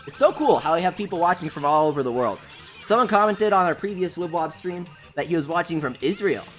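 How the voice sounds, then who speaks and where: Low-voiced woman from the us chatting through a game livestream, reads chat, faint music under her. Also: animated, fast talker. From United States. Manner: chatty, reads chat aloud, gushes over pets. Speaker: gaming livestreamer. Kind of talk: casual livestream chat reading viewer comments.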